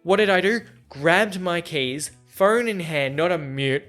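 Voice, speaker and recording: A man's voice: a little high, lively intonation, slow, pauses often, a bit bright, faint music behind. A young man hosting a podcast, telling a rambling, self-deprecating story in casual chat and acting out both sides of conversations. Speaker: podcast host.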